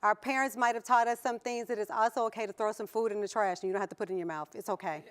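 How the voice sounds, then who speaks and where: A woman's voice: mid-range voice, fairly even intonation, racing. A woman with a Southern US accent giving a motivational conference talk to an audience, playful, laughing often and putting questions to the crowd. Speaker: conference keynote speaker. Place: conference hall before an audience.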